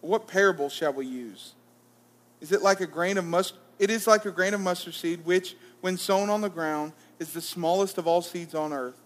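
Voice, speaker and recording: A man preaching to a congregation, reading scripture aloud and then talking it through in a relaxed, conversational way. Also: high voice, normal speed. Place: church hall. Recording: reverberant church hall.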